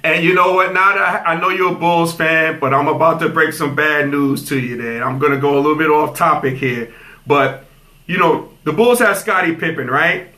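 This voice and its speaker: A man in his fifties hosts a casual podcast interview with a high, bright voice. He is animated and playfully teasing, and he laughs often. The room around him rings with echo. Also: normal speed. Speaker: host. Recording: echoey room.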